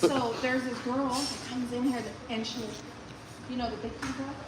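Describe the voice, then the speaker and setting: A woman's voice: on the high side, steady tone, normal speed, reverberant, over a noisy crowd, rough recording. A woman chatting casually in a gossipy way. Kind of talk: casual chat.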